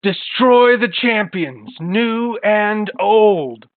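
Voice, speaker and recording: A man's voice: medium pitch, a little slow, no room sound, natural voice. Man voicing a bitter old woodsman warlord. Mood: shouting. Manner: spoken between axe swings, plain voice, no accent attempted. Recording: phone-like online call.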